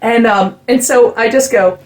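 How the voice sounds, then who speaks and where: Animated woman telling a music story. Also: on the high side, a little slow. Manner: animated storytelling, acts out quotes. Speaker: podcast co-host and musician. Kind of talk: casual chat.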